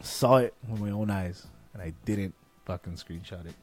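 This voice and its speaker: A man hosting a casual fan chat, excitable and swearing freely. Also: deep voice, moderate pace, dry recording, soft background music. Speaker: host.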